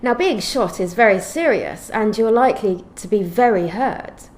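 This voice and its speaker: A woman teaching an English grammar lesson, explaining clearly and reading out example sentences in a measured way. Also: mid-range voice, a little mellow.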